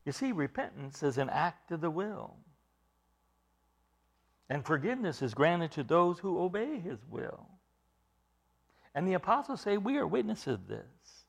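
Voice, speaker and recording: A male preacher giving a sermon, emphatic, building up to loud stressed phrases and dropping to quiet asides. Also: on the high side, sing-song, measured pace, long pauses.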